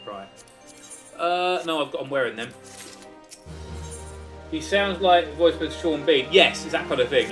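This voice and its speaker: A man's voice: fairly high pitch, unhurried, long pauses, over music. Joking man streaming a game. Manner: chatty, joking, swears for laughs. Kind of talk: casual gameplay commentary.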